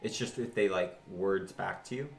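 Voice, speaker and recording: A man's voice: deep voice, moderate pace, gravelly, echoey room. A man playing a tabletop game in a playful, joking way. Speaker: player. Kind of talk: casual tabletop role-play.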